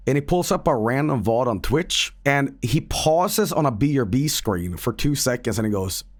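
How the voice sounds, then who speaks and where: A man's voice: medium pitch, animated, moderate pace, few pauses. Profane rambling male streamer. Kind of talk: casual stream chat.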